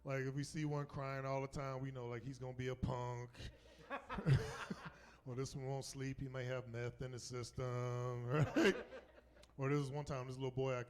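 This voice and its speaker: A middle-aged man from the South, performing a stand-up comedy set on a club stage and jumping into high mocking voices for the people he quotes. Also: level tone, normal speed, a little mellow. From Southern United States.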